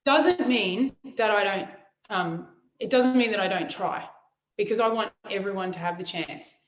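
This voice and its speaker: A woman's voice: mid-range voice, reverberant, rough recording. A woman speaking frankly in a casual chat, often restarting her sentences. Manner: frank, halting, many restarts.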